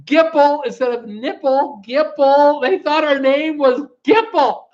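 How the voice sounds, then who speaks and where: A man hosting a live-stream trivia chat who keeps breaking into laughter while reading viewer comments, his voice gone hoarse from laughing. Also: extremely high pitch, unhurried, a little mellow, lo-fi sound. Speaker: host of a live cruise news and trivia stream.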